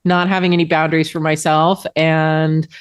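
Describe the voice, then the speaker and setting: A woman with a somewhat low voice hosts a casual podcast. She talks candidly and pokes fun at herself. The sound is dry and close. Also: little pitch movement, moderate pace, smooth, no echo. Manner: self-deprecating, laughing, candid. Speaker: podcast host.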